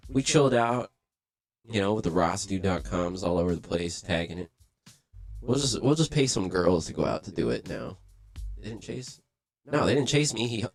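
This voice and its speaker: A young man with a lowish voice tells a story in loose, swearing street talk. He jumps into the voices of the people he quotes and keeps the telling lively. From Los Angeles. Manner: profane, animated, acts out quoted voices. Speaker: livestream host. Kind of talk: casual storytelling.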